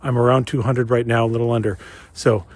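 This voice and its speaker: A chatty, enthusiastic man from Minnesota talks to his viewers while out on a cold winter trail. He narrates casually into a handheld camera mic and keeps the tone friendly and upbeat. His pitch sits in an ordinary middle range. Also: little pitch movement, brisk, darkish tone. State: slightly out of breath while walking fast. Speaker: geocaching vlogger. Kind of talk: casual outdoor vlog narration.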